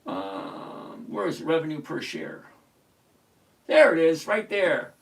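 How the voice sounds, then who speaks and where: Very animated yet slow, his voice sits on the high side and sounds creaky and husky. He's a livestream host picking stocks at his computer, reviewing charts and explaining the numbers in a blunt, sarcastic, chatty-teacher style.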